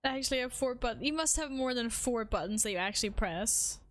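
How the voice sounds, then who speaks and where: A fairly high, bright, animated female voice, recorded with no room sound. She's streaming a game, talking casually to chat and her cat, humming now and then, and quick to make light of herself.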